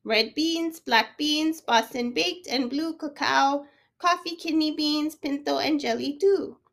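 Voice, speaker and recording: This is a chatty, laid-back little male chihuahua in a storybook, voiced by a woman. He talks in a casual, slangy way, fairly high and slow. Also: creaky, fairly bright tone, full character voice. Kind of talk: storybook read-aloud.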